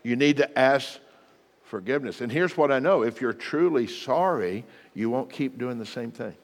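A man's voice: medium pitch, normal speed, big-room sound. A middle-aged man, a pastor, preaching a sermon in an earnest, plain-spoken way with repeated exhortations.

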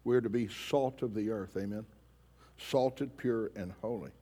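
With a lowish, warm voice and an unhurried delivery, a pastor pushes his congregation hard with pointed questions in an emphatic sermon. The church sanctuary gives the long reverb of a large hall.

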